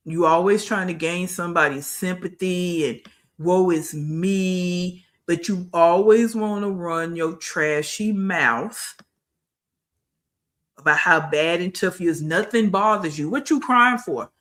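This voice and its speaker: A woman's voice: lowish voice, takes it slowly, long pauses, a bit bright. A woman hosting a reaction livestream, scolding bluntly, repeating phrases for emphasis and greeting her live chat. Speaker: livestream commentary host.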